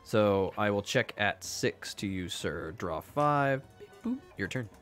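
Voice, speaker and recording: A man's voice: fairly low pitch, animated, takes it slowly, a bit bright, soft background music. A man co-hosting a casual show, talking through his card-game moves and teasing his opponent. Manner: playful, teasing, narrates his moves aloud. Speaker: podcast co-host playing a card game. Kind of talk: casual game-play banter.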